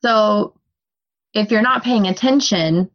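A young adult woman co-hosting a casual book podcast, talkative and quick to laugh. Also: medium pitch, dull audio. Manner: talkative, laughs often, tells personal stories. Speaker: podcast co-host. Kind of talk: casual book discussion chat.

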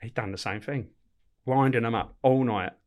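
A man's voice: mid-range voice, normal speed. A middle-aged man, a former prison officer, telling stories in casual chat, swearing and laughing often. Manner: swearing, laughing, acts out voices. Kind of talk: casual anecdotal storytelling.

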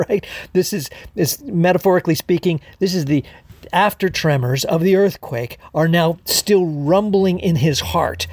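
A man's voice: a little high, no room sound. A male pastor preaching a sermon, explaining word meanings with rhetorical questions and a few fillers. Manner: expository, explains Greek words, rhetorical questions; fillers and restarts.

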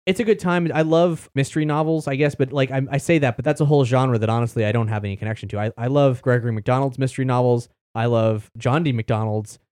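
A man's voice: medium pitch, steady tone, quick pace, hardly any pauses, a little mellow, no room sound, studio quality. A man hosting a podcast, talking in a rambling, chatty way and casually swearing. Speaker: podcast host. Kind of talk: casual chat.

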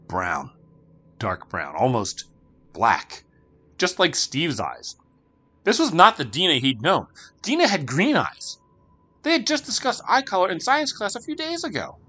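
A man's voice: mid-range voice, bright, forceful tone, slightly rough. A man narrating a spooky children's story with dramatic, shifting delivery.

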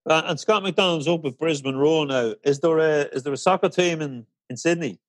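A man's voice: fairly high pitch, a little fast, dry recording. A man hosting a podcast interview, asking chatty, friendly questions. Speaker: podcast host. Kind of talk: casual interview.

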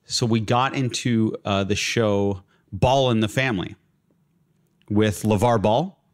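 A young man with a lowish voice speaks slowly as a guest in a casual chat, telling a long personal story. He rambles, leans heavily on fillers like "like" and "uh," and laughs through his stories.

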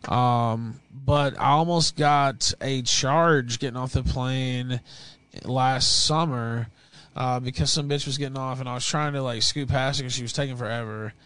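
A man's voice: mid-range voice, fairly even intonation, unhurried, fairly bright tone, clear, resonant tone, no echo, poor audio. A young man telling a blunt, profane story in casual podcast chat.

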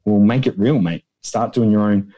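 A man's voice: lowish voice, normal speed, narrow, tinny audio. A man, a guest in a casual interview, telling rambling stories and acting out quotes in a raised voice. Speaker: guest, founder of an extras agency.

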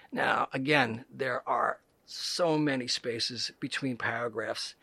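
A man reading scam emails aloud in a deadpan, mocking way, speaking every punctuation mark and space. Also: medium pitch, slow pace, creaky, hardly any pauses, slightly rough, no room sound. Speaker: comedic reader.

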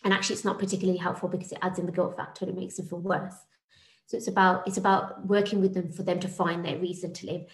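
A British woman works through her points at a quick clip, earnest and emphatic, repeating words as she gets going. Her voice sits a little low and carries some room echo around it. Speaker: suicide prevention guest. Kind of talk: podcast conversation.

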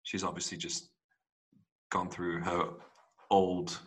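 Male host, deep and husky, quick with a teasing joke. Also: little pitch movement, fairly bright tone. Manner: teasing, jokey questioner. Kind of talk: casual chat.

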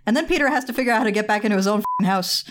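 A woman's voice: mid-range voice, lively intonation, very fast, a bit bright, a little hiss or hum. A woman co-hosting a casual movie chat, recapping the plot drily and swearing casually. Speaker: podcast co-host.

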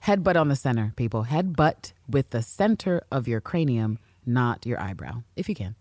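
Animated low-voiced woman recapping loudly. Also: normal speed, no echo. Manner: animated, loud, profane, acts out scenes in voices. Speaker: podcast co-host. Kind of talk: excited casual recap chat.

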